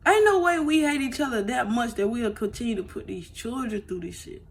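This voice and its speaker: Blunt, emotional woman vlogger, fairly high. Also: expressive, brisk. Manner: emotional, blunt, swears freely; repeats "you know what I'm saying". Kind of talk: casual storytelling to viewers. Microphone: phone.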